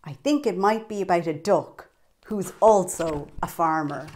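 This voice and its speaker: A woman reading a picture book aloud to young children, animated and sing-song, pointing out the pictures as she goes. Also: fairly low pitch, measured pace. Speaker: children's storyteller.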